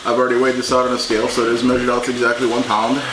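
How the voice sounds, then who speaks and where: A man's voice: medium pitch, monotone, very fast, background noise. Joking man cooking in an echoey kitchen. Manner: joking, chatty, teasing. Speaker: home cooking show host. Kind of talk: casual cooking demonstration. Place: home kitchen. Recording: echoey kitchen with dish clatter. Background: clinking dishes and utensils.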